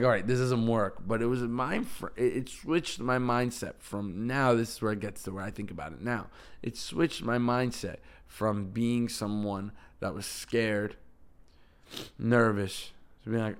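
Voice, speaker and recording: A man's voice: medium pitch, gravelly. A young adult man hosting his own podcast, talking casually and upbeat, often restarting and correcting himself. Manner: rambling, self-correcting, upbeat. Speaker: podcast host. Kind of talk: casual solo podcast talk.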